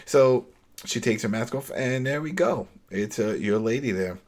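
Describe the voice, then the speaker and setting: A man's voice: mid-range voice, lively intonation, normal speed, a little mellow. A man co-hosting a podcast, chatting casually and animatedly as he recaps scenes, laughing and tossing out rhetorical questions. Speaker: podcast co-host. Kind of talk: casual episode recap chat.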